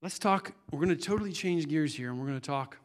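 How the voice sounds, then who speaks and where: Middle-aged male preacher, earnest and conversational, slightly high voice, stumbles and restarts mid-thought. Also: fast talker. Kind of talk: sermon.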